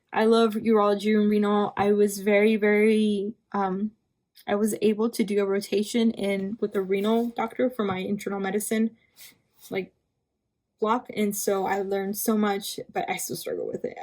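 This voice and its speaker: A young physician assistant student with a medium-pitched, somewhat dark voice gives a casual study review lecture. She talks conversationally, repeats key terms, and checks in with "right?", sounding a bit tired after hours of recording.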